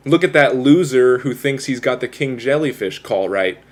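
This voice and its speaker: A man's voice: medium pitch, expressive, normal speed, natural voice. A man voicing a mocking, bad-tempered male sea cucumber from a cartoon, with a jeering laugh.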